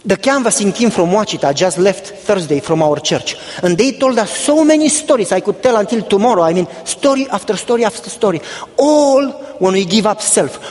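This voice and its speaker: A man's voice: high-pitched, animated, normal speed, a little mellow, long reverb tail. A middle-aged male pastor preaching a sermon, telling a story and acting out both sides of the dialogue. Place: church.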